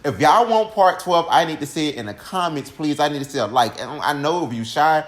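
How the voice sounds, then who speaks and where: A young man telling a personal story to his viewers in a casual, animated way, speaking straight to his audience. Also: fairly high pitch, a little fast. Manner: animated, keeps addressing listeners directly. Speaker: storytime vlogger.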